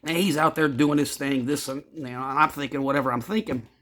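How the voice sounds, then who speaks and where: A man telling his own story in a casual, rambling and blunt way, cursing freely and addressing his listeners as gentlemen. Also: fairly high pitch, fairly even intonation, a little fast, a little hiss or hum.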